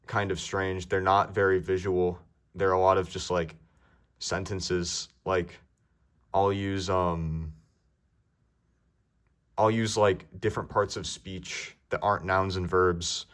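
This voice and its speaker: A man's voice: low-pitched, fairly bright tone. A young man giving casual, ranty speedcubing tips, rambling with many fillers. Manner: rambling, lots of ums and likes.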